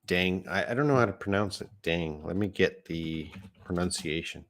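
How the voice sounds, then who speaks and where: A man's voice: low voice, normal speed, a bit bright. A middle-aged man teaching a live online English lesson, patiently explaining words step by step and correcting himself as he goes.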